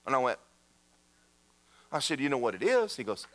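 Speaking at medium pitch and a moderate pace, this male pastor delivers a church sermon. His storytelling is lively, and he performs the quoted voices of his characters.

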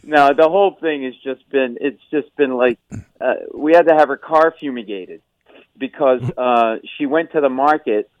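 A middle-aged man hosting morning radio, telling a family story in an animated way and acting out the voices of the people he quotes. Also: mid-range voice, moderate pace, no room sound, lo-fi sound. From Rhode Island. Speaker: radio show host.

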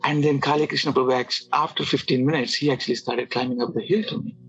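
A man's voice: medium pitch, steady tone, fairly bright tone, faint music behind. Man telling a story in lo-fi audio. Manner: halting, with restarts and filler words. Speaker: guest telling his conversion story. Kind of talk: casual storytelling.

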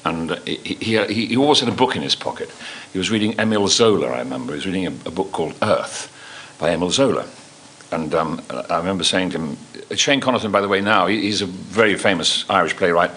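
An older man telling stories from his life to an audience, halting and full of restarts. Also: low-pitched, fairly bright tone, slight background noise. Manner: halting, full of restarts and ums, acts out quoted voices. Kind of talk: anecdotal storytelling.

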